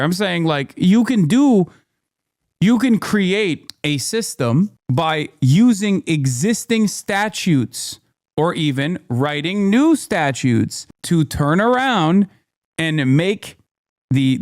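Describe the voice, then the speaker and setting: A man streaming political reaction commentary, ranting in a heated, profane, animated way. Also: on the high side, no room sound, clean studio sound.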